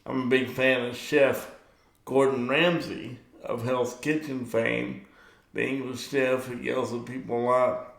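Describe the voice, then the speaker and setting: A man's voice: mid-range voice, level tone, measured pace, gravelly, fairly bright tone, roomy sound. A middle-aged man hosting his own video show, chatting casually and rambling, and he gets worked up when talking sports. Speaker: vlog host. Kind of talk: casual monologue to camera.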